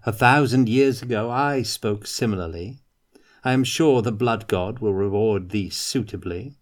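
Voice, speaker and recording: A man's voice: fairly low pitch, unhurried, close to an everyday voice. A man doing a mocking, archaic chaos knight. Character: armored male chaos warrior, tall, mocking, weary.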